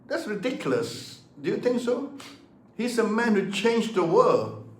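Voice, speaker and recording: An older man in his seventies speaks as a martial arts teacher, pressing his points with repeated words and rhetorical questions. His voice sits fairly high for a man. The room around him rings with noticeable echo. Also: very animated, a little slow. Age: 70s. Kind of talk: passionate talk to camera.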